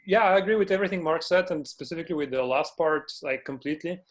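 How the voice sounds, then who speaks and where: Halting man with a slightly high voice. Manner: halting, restarts often. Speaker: panel guest, software engineer. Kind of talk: casual panel talk.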